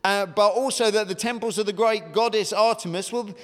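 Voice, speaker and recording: A man's voice: high-pitched, fairly even intonation, brisk, a bit bright, in a large hall, pitched above the performer's own voice. A man putting on a posh, pompous silversmith. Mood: indignant, pompous. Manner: posh, indignant speechifying. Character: wealthy pompous male silversmith, posh drawl.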